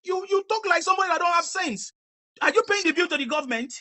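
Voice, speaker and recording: A woman, interviewing people in the street and lecturing them forcefully with a lot of repetition. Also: very high-pitched, expressive, fast.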